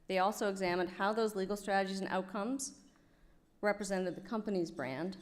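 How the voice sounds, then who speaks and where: A woman with a mid-range voice reads the award criteria and introduces the presenter. Her delivery is formal and even. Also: medium pitch. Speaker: announcer.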